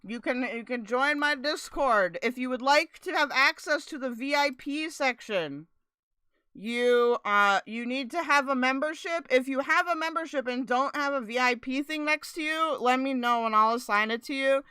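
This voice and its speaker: A woman's voice: high-pitched, moderate pace, sharp tone, clear, resonant tone, no room sound. A woman streamer chatting casually and sarcastically, rambling and swearing as she reacts to another live stream. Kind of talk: casual livestream chat.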